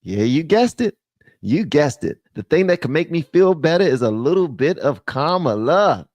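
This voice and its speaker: A male streamer gives casual, off-the-cuff commentary to his live chat. His voice is animated and swings from loud ranting down to low muttering, with a lively, wide-ranging pitch. The sound is dry and close. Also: normal speed, no room sound.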